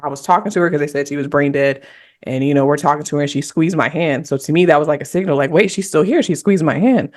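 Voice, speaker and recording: A woman's voice: sits low, fairly even intonation, fast, a little mellow. A woman on a podcast panel, candidly and reflectively telling a personal story in casual conversation.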